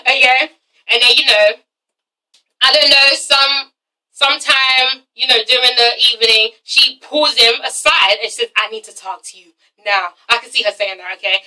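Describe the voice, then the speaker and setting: A woman's voice: high voice, fairly even intonation, normal speed, bright, forceful tone, far from the mic, rough recording. A woman reviewing a TV drama in a casual vlog, emphatic and profane, who keeps checking in with "okay?". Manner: emphatic, swears often, keeps asking "okay?". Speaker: TV show reviewer.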